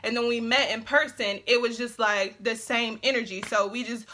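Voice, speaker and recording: A young woman telling an animated, slang-heavy casual storytime, full of fillers and swearing. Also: a little high, normal speed, slight background noise. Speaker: vlogger.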